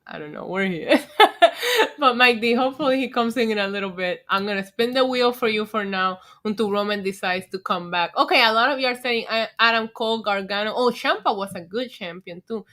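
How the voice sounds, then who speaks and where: A young woman with a New York accent chats on a casual livestream, tipsy and loose. Her voice sits a little high and sounds bright and forceful, and she breaks into laughter often while reacting to the chat. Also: animated, a little fast. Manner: tipsy, laughing, chatty, reads chat aloud. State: drunk. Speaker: livestream host.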